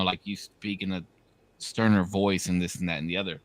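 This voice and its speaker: A man in his thirties co-hosts a podcast, spinning animated stories in casual, slangy, profane talk. His voice sits on the low side and moves a little fast, with no room sound.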